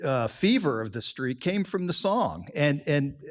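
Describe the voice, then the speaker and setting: A man hosting a music show, asking interview questions and signing off, halting with repeated restarts. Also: fairly high pitch, very animated. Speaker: host.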